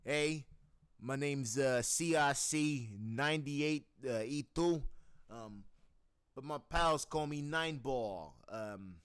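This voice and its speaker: A man voicing a friendly, chatty Italian mobster mercenary, loud and schmoozing. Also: medium pitch, slow pace, clean tone, lightly acted.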